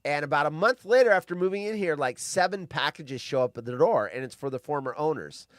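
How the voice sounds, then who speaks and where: A man talks fast and loose while hosting a live stream, reading out odd news items and drifting into his own stories. His voice sits a little high, and it is recorded dry and close with no room sound. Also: lively intonation, dry recording. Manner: rambling, swears freely, lots of restarts. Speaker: live show host. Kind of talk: casual chat, reading news stories aloud.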